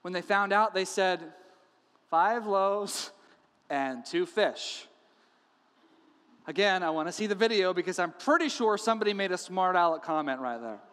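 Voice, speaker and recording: A man with a high-pitched voice preaches to his congregation, and his words ring out with a long echo in the church hall. He tells the story with playful humor and acts out the characters' lines. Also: fast talker, hardly any pauses, smooth. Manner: animated storytelling, acting out quotes with humor. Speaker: pastor. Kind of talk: sermon. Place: church sanctuary.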